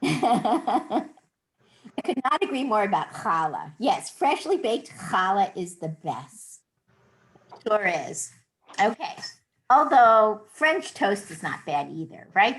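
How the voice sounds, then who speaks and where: Middle-aged American woman, slow and patient teacher, demonstrates sounds. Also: mid-range voice, sing-song, fairly bright tone, poor audio. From United States. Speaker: Hebrew teacher. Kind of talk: online class lesson.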